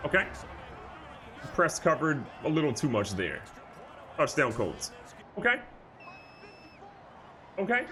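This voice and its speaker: A man giving excitable, jokey live commentary over a football video game, moving from calm play calling to loud outbursts. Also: a little high, slow pace, pauses often, a little hiss or hum. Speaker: gaming YouTuber.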